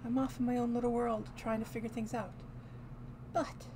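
A woman's voice: a little high, moderate pace. A woman hosting a writing sprint livestream, chatting casually and rambling as she thinks aloud to herself. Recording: steady background noise.

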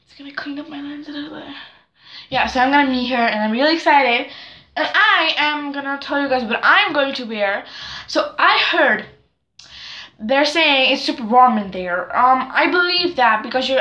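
A teenage girl chatting to camera at home in an excitable, rambling, self-deprecating way. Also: sits high, reverberant, lo-fi sound. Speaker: vlogger. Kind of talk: casual chat to camera.

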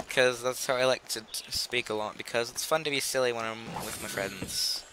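Over music, a teenage gaming channel host commentates a video game casually in a mid-range voice at a somewhat slow pace. His let's play talk is chatty, rambling and silly, with sentences that trail off.

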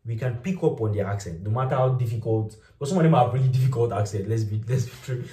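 A young man with a Nigerian accent chats about daily life, animated and quick to laugh. His voice sits in the middle range and sounds a little distant from the mic. The room around him is echoey. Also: mid-range voice. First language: Yoruba. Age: young adult. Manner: animated storytelling, laughs often. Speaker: vlog host. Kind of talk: casual chat.

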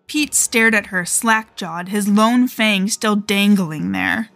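A woman's voice: mid-range voice, takes it slowly, fairly bright tone, no echo, faint music behind. A woman with a Southern US accent narrating a first-person horror story in a tense, dramatic way.

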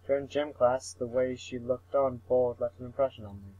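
A man's voice: mid-range voice, steady tone, normal speed, warm tone, no room sound. Young man, comic story read-through, stumbling, cursing asides, dull dry recording. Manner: mumbling and stumbling over words, with swearing asides. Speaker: reader of a visual novel.

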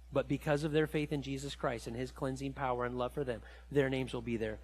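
A man preaching a sermon in a church, telling stories with animated rises and dropping low and quiet for reflective points. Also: in a large hall, slight background noise. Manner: animated storytelling, rising high when excited, dropping low and quiet for reflection. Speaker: pastor. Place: church sanctuary.

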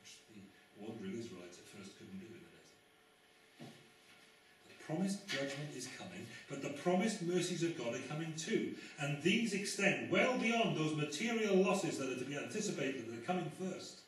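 A man's voice: on the high side, lively intonation, normal speed. Man, sermon, conversational and wry, emphatic rises, very reverberant church, distant mic, faint background hiss. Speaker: preacher. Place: church sanctuary. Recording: very echoey church, mic far off.

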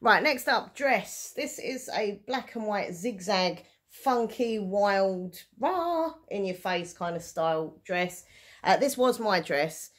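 A woman's voice: mid-range voice, lively intonation, takes it slowly. A woman chatting casually in a show-and-tell vlog, rambling and self-deprecating with frequent giggles. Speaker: vlogger selling items online.

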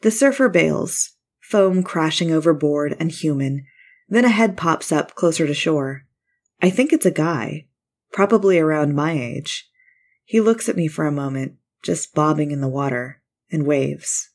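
A woman reading a first-person short story aloud in a measured, wry manner. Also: low voice, expressive, darkish tone. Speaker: narrator. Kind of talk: scripted story narration.

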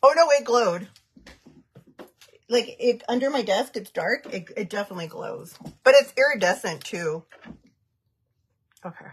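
A woman's voice: a little high, animated, a little slow, long pauses, husky. A woman in her thirties chatting casually on a makeup livestream, giggling often and reading viewer comments aloud. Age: 30s.

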